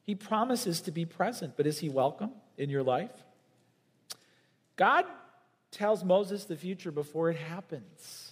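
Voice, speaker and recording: A man preaching a sermon as pastor, with emphatic swings from loud and high to soft and low. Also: animated, normal speed, hardly any pauses, breathy edge, big-room sound. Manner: emphatic preaching with big swings in pitch and volume.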